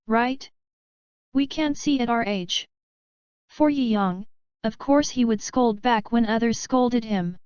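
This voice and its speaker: A woman narrating a fanfiction audiobook in a steady, even reading, in a dull, dry recording. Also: a little high, clear, resonant tone, no room sound.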